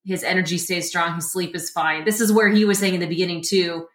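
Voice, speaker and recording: A woman guest in a casual interview, talking in an animated way and often laughing as she explains. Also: on the low side, a little fast, roomy sound.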